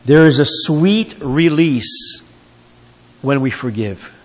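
Pastor guy preaching slow, kinda high voice, echoing around a big church hall. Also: expressive. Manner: emphatic preaching with swells and drops. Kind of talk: sermon. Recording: long reverb of a large hall.

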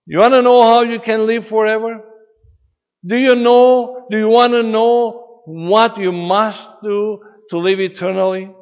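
High-voiced man preaching slowly in a hall. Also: fairly even intonation. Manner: earnest, emphatic preaching with rising and falling emphasis. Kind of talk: sermon. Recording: dull reverberant hall sound.

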